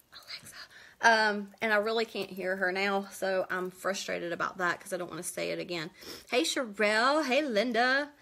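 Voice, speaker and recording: A woman from West Virginia hosting a casual live makeup tutorial from home, chatty and quick, greeting viewers by name. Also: a little high, pushed and bright. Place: at home indoors.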